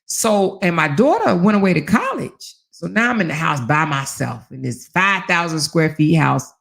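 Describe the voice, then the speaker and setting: A woman in her forties spins a personal story in a relaxed chat. Her voice has a gravelly edge. She acts out what was said and swears freely. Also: lowish voice, moderate pace. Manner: animated, acts out dialogue, swears. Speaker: host. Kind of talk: casual storytelling monologue.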